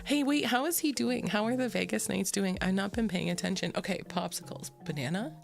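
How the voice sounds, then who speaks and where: A woman's voice: medium pitch, a little fast, creaky, soft background music. A woman streamer chatting casually with her live chat in a sleepy morning voice, giggly and rambling, swearing freely.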